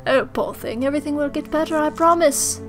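A woman's voice: high-pitched, brisk, fairly bright tone, faint music behind. A woman voicing a stern, patronizing male doctor in a horror game.

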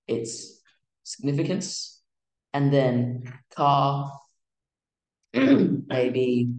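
A man teaching music theory in a casual, halting way, with many fillers and restarts. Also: medium pitch, roomy sound, rough recording. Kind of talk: casual explanatory lesson.

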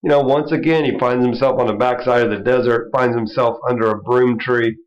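A man's voice: medium pitch, fairly even intonation, a little fast. A man, a minister, teaching an informal Bible study in a conversational way, with frequent asides and chuckles. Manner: conversational, chuckling, lots of "you know". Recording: dull lo-fi recording.

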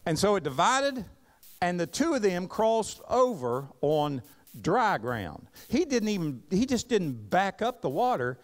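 A man's voice: high-pitched, a little slow. A man preaching a sermon, reading scripture aloud and breaking off into folksy asides to the congregation. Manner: animated preaching, reads scripture aloud and asks the congregation to repeat words; folksy Southern-flavored asides. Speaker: pastor. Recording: live church service recording.

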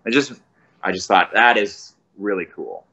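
A man's voice: on the low side, a little slow, dull audio. A man, a voice actor guest, talking enthusiastically in a casual podcast interview. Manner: enthusiastic, animated storyteller.

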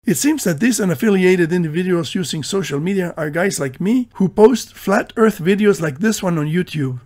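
A man reading a scripted, tongue-in-cheek voice-over with dry, deadpan humor. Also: sits high, normal speed. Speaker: video narrator.

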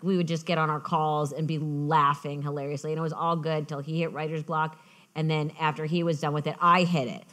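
A woman author talking as a guest in an onstage conversation at a festival. She tells lively anecdotes and often restarts her sentences. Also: deep voice, fairly quick. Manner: lively storytelling, frequent restarts. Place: festival stage.

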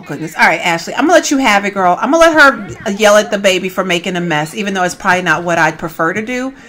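A woman, chatting casually over a video game and cooing at the characters on screen. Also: mid-range voice. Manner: chatty and animated, coos at the babies, says "y'all" and "ain't". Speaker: gaming YouTuber. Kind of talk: casual gameplay commentary.

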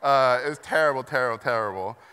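A man's voice: mid-range voice, fast, smooth. A middle-aged man from Mexico giving a self-deprecating conference keynote, telling stories and acting out the voices of people in them. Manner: animated, self-deprecating, acts out quoted voices. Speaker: keynote speaker. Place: conference hall. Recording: long reverb of a large hall.

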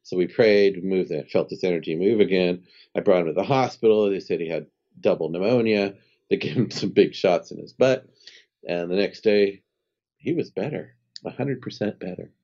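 This spiritual healer in his fifties speaks at normal speed as a guest on an interview podcast, his very low voice mellow and dark. He narrates with animation and a conversational air, slipping into others' voices and laughing often, on somewhat dull, lo-fi audio.

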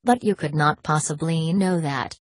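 A stern, wary older scholar speaks in a cold, clipped, formal way, as a woman reads him in an audiobook. The voice is low and husky. The sound is dry and close. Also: normal speed, no echo. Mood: shocked.

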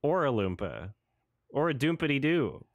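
A man's voice: mid-range voice, big pitch swings, normal speed, no echo, lo-fi sound. A man in his thirties doing casual, sarcastic reaction commentary on a trailer, laughing and swearing as he goes.

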